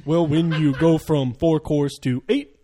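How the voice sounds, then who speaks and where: A man doing an impression of a calm, measured male politician, speaking slowly. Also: fairly high pitch, noisy background, natural voice.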